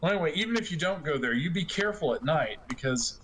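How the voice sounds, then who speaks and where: A man's voice: a little high, animated, fast talker, fairly bright tone. A man voicing a timid young peasant girl who stammers in rustic, folksy speech, over a noisy online voice chat. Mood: fearful.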